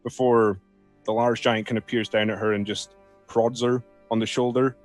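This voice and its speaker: A man's voice: mid-range voice, little pitch movement, moderate pace, dry recording, faint music behind. A man narrating as game master in an easygoing, often laughing way.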